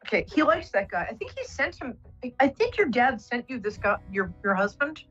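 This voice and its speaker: Husky-voiced woman psychic host. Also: fairly high pitch, very animated, fairly quick, a bit bright, highs cut off, soft background music. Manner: soothing, rambling, many fillers. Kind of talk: live call-in psychic reading.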